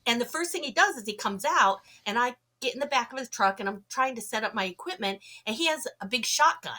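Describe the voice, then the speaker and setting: Bright-voiced woman telling a lively story. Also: fairly high pitch, brisk. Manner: lively, acts out the people she quotes. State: slight cough, sore throat. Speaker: guest, UFO investigator. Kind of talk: animated storytelling.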